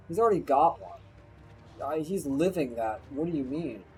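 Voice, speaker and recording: A man's voice: fairly high pitch, animated, normal speed, darkish tone, slightly rough, soft background music, low-quality recording. A man streaming a game, chatting casually in a crude, rambling way and swearing often. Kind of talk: casual gameplay banter.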